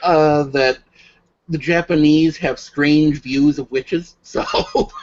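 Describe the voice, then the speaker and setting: A man chatting on a video call in a wry, self-mocking way, with many pauses. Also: a little high, steady tone. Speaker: roundtable panelist. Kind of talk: casual chat on a video call. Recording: dull lo-fi call audio with faint noise.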